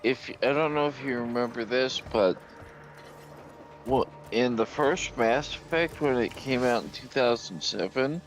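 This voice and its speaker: A man's voice: medium pitch, measured pace. A man chatting casually on a gaming stream, giving long rambling explanations with frequent restarts. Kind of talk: casual chat.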